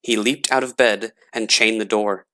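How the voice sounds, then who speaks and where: A man narrating a scary story in a slow, dramatic reading voice. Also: lowish voice, steady tone, pushed and bright.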